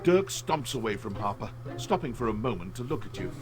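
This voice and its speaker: A man's voice: fairly low pitch, sing-song, brisk, music in the background. A man giving scripted narration of a scene in a game.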